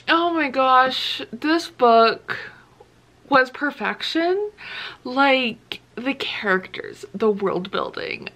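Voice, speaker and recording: A woman chatting casually at home in a book vlog, gushing and excitable, with lots of filler words. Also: medium pitch. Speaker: book vlogger.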